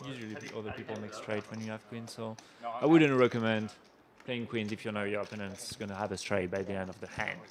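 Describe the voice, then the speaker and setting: A man with a French accent commentating live poker, reacting to the action with quick gasps and laughs. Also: fairly low pitch, steady tone, crowd noise.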